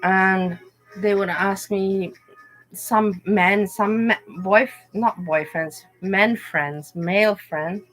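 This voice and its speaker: In a slow, mid-range voice that's slightly bright and fairly even in intonation, a woman hosts a casual livestream chat, rambling through candid, emotional stories. Faint music plays behind her.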